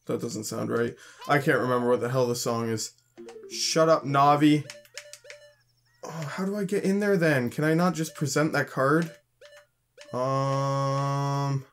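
A man's voice: mid-range voice, steady tone, measured pace, a little hiss or hum. A young man from Canada, hosting a let's play and chatting casually while he plays, grumbling and joking and reading game text aloud. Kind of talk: casual gameplay commentary.

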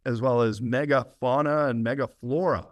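A man's voice: medium pitch, steady tone, moderate pace, no room sound, highs cut off. A man as a guest author on an interview podcast, explaining at length with enthusiasm and frequent laughs.

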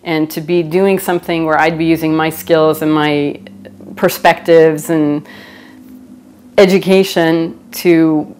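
A woman's voice: on the low side, a little hiss or hum. A woman anthropologist in a documentary interview, talking reflectively and conversationally with many "you know" fillers and dropping in Arabic phrases. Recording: music playing under the voice.

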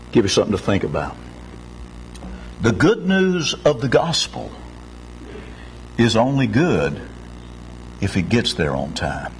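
A man's voice: mid-range voice, slight background noise, rough recording. A male pastor preaching an Easter sermon, telling a story with big swings in his voice. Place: church sanctuary.

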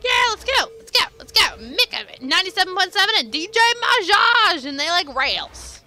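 Bright, lively young woman gaming. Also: extremely high pitch, normal speed.

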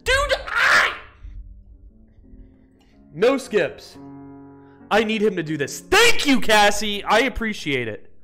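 An American man streaming a geography game, excitable, yelping and swearing, then muttering to himself. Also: sits high, takes it slowly, pauses often, soft background music. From United States. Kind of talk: live-stream gameplay commentary.

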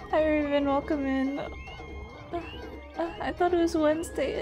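A woman VTuber streaming a game, reacting in excitable, panicky bursts with repeated shouts and frequent swearing. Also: high-pitched, normal speed, pauses often, soft background music. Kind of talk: casual live gameplay commentary.

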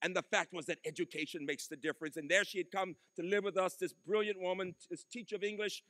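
A man's voice: high-pitched, fairly even intonation, fast, a bit bright, no echo. An older man giving a commencement address, emphatic and preacherly, with rhythmic repetition into a podium microphone. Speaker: commencement speaker.

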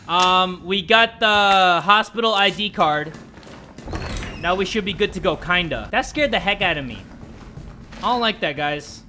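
A man commentating his horror game playthrough, joking around and shouting at jump scares. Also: sits high, unhurried, faint music behind. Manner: excitable, jokey, screams at jump scares. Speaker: gaming YouTuber. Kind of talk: let's play commentary.

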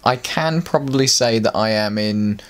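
A man's voice: on the low side, normal speed, a bit bright. A young man chatting casually as an interview guest, rambling off on tangents and laughing often. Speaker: guest, voice actor and prop maker.

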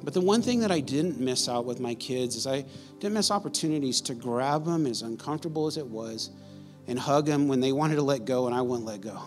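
A man in his forties preaching a sermon as pastor, in an animated, conversational storytelling way. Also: medium pitch, brisk, faint music behind.

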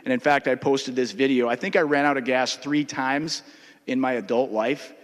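Minnesotan male state legislator, mid-pitched, halting anecdotal memorial speech with lots of fillers, long chamber reverb. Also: steady tone. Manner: conversational, halting, many uh fillers.

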